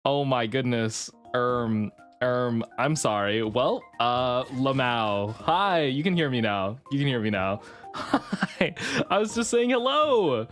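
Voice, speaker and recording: A young adult livestreamer chatting casually and excitably with viewers, often repeating phrases. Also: mid-range voice, takes it slowly, soft background music.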